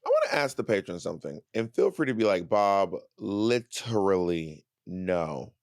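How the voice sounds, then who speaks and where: A man in his thirties co-hosting a podcast, chatting casually with a playful, teasing manner and drawn-out emphasis. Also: lowish voice, wildly swooping pitch, gravelly, dry recording, clean studio sound. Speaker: podcast co-host. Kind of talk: casual chat.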